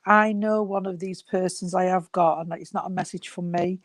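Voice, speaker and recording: A woman's voice: fairly low pitch, steady tone, normal speed, dry recording. A woman giving spirit messages as a medium, affectionate and calling listeners sweetheart and darling. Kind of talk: giving spirit messages in an online healing service.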